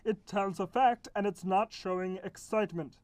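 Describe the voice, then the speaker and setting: A woman's voice: medium pitch, moderate pace, a little mellow, no echo, close to an everyday voice. A patient period-mark pal played by a woman. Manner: patient, explaining, humming "hmm" often. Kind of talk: children's educational puppet skit.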